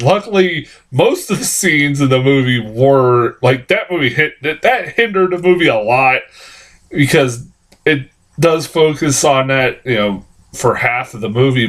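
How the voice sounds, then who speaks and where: A man giving a rambling, casual film review, swearing often and laughing at his own points. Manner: animated, jumps high in pitch when exclaiming.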